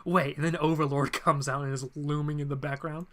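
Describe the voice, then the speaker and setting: A man hosting a casual stream, recapping comic storylines in a chatty way with frequent asides. His voice is bright and a little high, and his retelling is loose and conversational. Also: level tone, fairly quick. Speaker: channel host. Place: home streaming setup.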